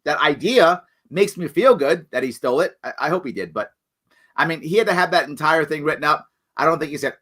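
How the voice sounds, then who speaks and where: A man hosting a live political question-and-answer show, reading viewer comments and answering them in an earnest, animated way that swings between loud emphasis and quiet apology. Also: fairly high pitch, a little fast.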